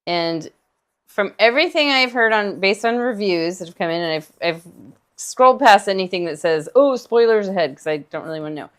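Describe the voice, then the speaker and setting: A woman's voice: mid-range voice, expressive, brisk, clear, resonant tone. A woman co-hosting a painting livestream, chatting casually with frequent laughs and rambling asides. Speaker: co-host painting along.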